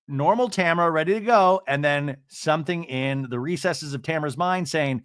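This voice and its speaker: A man's voice: fairly high pitch, normal speed, few pauses, fairly bright tone, clear, resonant tone, no room sound, clean studio sound. A man hosting a podcast, giving a chatty reality TV recap full of "like" and "you know". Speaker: podcast host.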